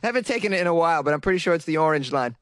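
A man's voice: on the high side, lively intonation, rapid-fire, a bit bright, clear, resonant tone, no echo. A man from Boston hosting a comedy news segment, teasing and sarcastic and laughing often. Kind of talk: mocking comic commentary on weird news.

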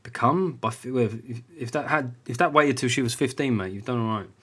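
A man's voice: brisk, fairly bright tone, husky. A man in his forties hosting a podcast, talking bluntly and casually with lots of swearing and "right?" tag questions. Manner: restless pitch jumps when emphatic. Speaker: podcast host.

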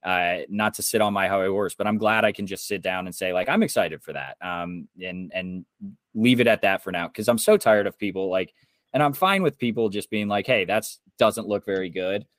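A man's voice: fairly low pitch, normal speed, fairly bright tone, dry recording, studio quality. A young man from Indiana co-hosting a podcast, ranting angrily and swearing. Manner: heated, swearing rant. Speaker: podcast co-host. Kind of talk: casual podcast chat.

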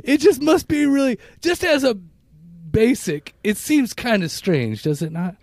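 A man in his fifties co-hosting a podcast, chatting casually in a rambling, reflective way with halting restarts. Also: very high-pitched, sing-song, darkish tone, no echo. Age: 50s. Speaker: podcast co-host. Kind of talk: casual chat.

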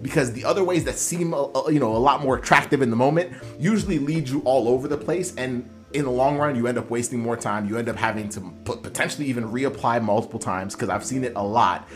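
A man's voice: medium pitch, quick pace, few pauses, soft background music. A man coaching students applying to physical therapy school, talking earnestly with many fillers and restarts. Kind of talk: motivational coaching talk.

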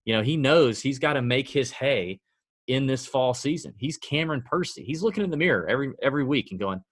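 A man with a mid-range voice co-hosts a podcast and chats casually about golf betting picks. He sounds sardonic and conversational, talks his thoughts through out loud and corrects himself as he goes. The recording is dry and close, with no room echo. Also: mid-range voice, brisk, slightly rough. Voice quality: conversational, sardonic, thinks aloud with fillers and self-corrections. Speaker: podcast co-host. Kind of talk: casual sports-betting chat.

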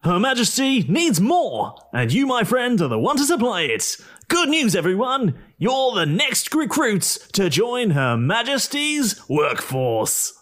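A man's voice: sits high, wildly swooping pitch, measured pace, voice pushed up, full character voice. A man voicing a menacing, gloating male villain in a tabletop game podcast. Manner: loud, gloating, commanding.

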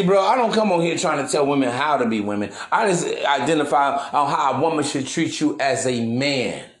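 A man's voice: a little high, echoey room. A man hosting a podcast in a brash, preachy monologue, full of slang and swearing. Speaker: podcast host. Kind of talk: casual monologue.

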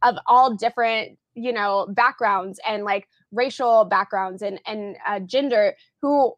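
A woman's voice: medium pitch, measured pace, no echo, highs cut off. A young adult woman from Oklahoma, a podcast guest chatting casually with lots of fillers and restarts. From Tulsa, Oklahoma area, US. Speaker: podcast guest, film critic.

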